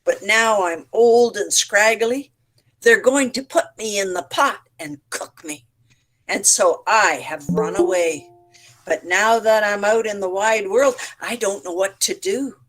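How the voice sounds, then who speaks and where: A woman's voice: medium pitch, a little slow, fairly bright tone, faint music behind, poor audio. A woman voicing an old, scraggly male rooster who sounds sad and pleading in a storybook tale.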